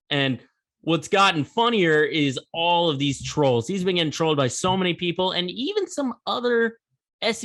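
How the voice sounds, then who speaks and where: A man with a bright, forceful voice, a little higher than most men's, talking through the week in sports on his own podcast. He speaks in a loose, conversational way and jumps up into emphatic bursts when he makes a point. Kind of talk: solo sports commentary.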